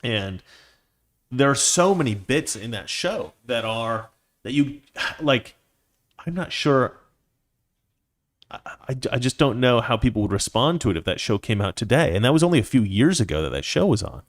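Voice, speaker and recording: A man's voice: mid-range voice, sing-song, moderate pace. A man hosting his own commentary show, ranting in a heated, indignant way. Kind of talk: political commentary monologue.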